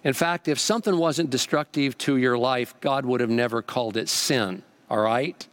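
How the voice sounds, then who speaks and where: A man preaching a sermon with a lively, repeating cadence and an easygoing storytelling manner. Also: medium pitch, moderate pace. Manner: animated, repetitive preaching cadence. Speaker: pastor.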